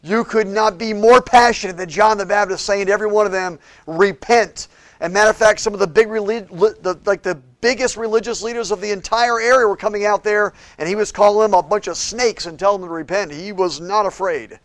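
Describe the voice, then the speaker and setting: A man preaching a sermon as a pastor in a church, shifting between loud, emphatic declarations and quiet, hushed passages. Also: high-pitched, fairly quick, no room sound. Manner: preaches with big swings from shouting to hushed tones.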